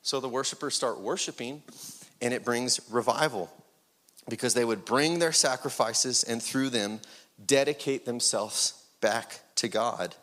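Speaking a little slowly in a medium-pitched voice, a pastor delivers a sermon to his congregation, posing questions and moving from loud, rising peaks down to whispers.

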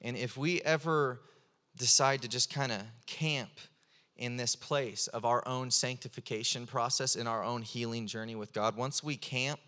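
A young man preaching a sermon, telling stories with animated, fervent intensity. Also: medium pitch, moderate pace, long reverb tail.

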